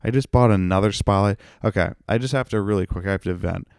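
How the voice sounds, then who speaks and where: A comedian hosts his own podcast, venting and swearing through a loose solo monologue. His voice sits very low with a rough, gravelly fry to it. The sound is dry and close, with no room echo. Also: fast talker, a little mellow. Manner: profane, ranting and venting.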